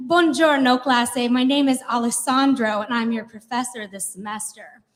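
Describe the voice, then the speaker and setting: A woman voicing a charming young male Italian professor, speaking in a smooth, formal way. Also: on the high side, fairly even intonation, normal speed, lightly acted. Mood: courtly. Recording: long hall reverb.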